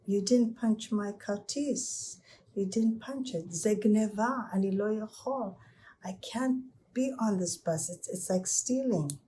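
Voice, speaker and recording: A woman storyteller voicing an honest little boy who pleads in a halting, upset way. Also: mid-range voice, warm tone, slight background noise, pitched above the performer's own voice, natural voice. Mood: distressed pleading. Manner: pleading, halting and repeating himself.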